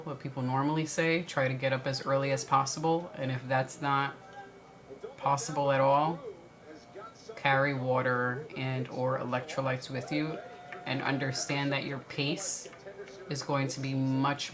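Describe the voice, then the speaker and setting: A woman's voice: rumbling low, steady tone, unhurried, a crowd in the background. A woman with a light Brooklyn accent co-hosting a livestream, chatting casually and answering viewer questions. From New York. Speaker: stream co-host.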